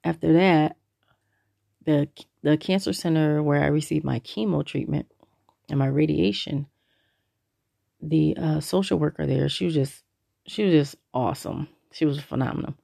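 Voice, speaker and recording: A woman's voice: low voice, normal speed, vocal fry, long pauses, warm tone, no echo, studio quality. A woman hosting her own podcast, telling a personal story in a laid-back, rambling, conversational way. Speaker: podcast host.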